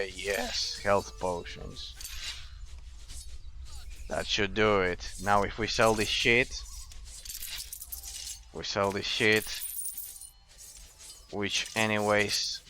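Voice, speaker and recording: A male gamer talks his way through a session in an unhurried drawl. His voice sits a bit low but rings bright and forward. He muses aloud, stumbles into fillers and drops casual swear words. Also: steady tone, vocal fry, slight background noise. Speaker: gameplay commentator. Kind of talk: casual let's-play commentary.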